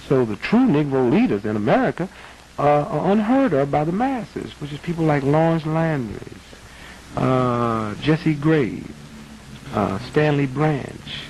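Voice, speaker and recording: A man's voice: mid-range voice, darkish tone, low-quality recording. A man in his thirties arguing his point emphatically in an archival interview, his voice building to a preacherly intensity. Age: 30s. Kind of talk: archival interview, impassioned argument. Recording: archival broadcast audio with faint noise.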